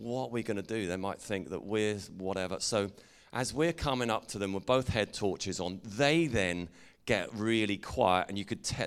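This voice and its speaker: A man's voice: on the low side, smooth. Playful English man telling a story. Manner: playful, jokey, engages the audience. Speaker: preacher. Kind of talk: storytelling sermon to a congregation.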